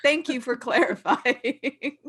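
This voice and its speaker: A woman co-hosting a podcast, chatting casually in an expressive way. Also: high-pitched, slow, husky. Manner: expressive, laughs often. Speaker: podcast co-host. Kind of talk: casual chat.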